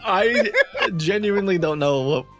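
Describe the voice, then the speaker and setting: A man's voice: high voice, wildly swooping pitch, measured pace, faint music behind. A male streamer in casual chat who laughs easily.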